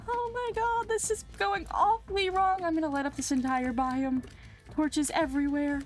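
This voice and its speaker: Young woman, game commentary, a bit high voice, flustered, yelling then muttering, light music behind. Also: steady tone, moderate pace. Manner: flustered, talks to the game's mobs, swings from exclaiming to low muttering. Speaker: Minecraft let's play host.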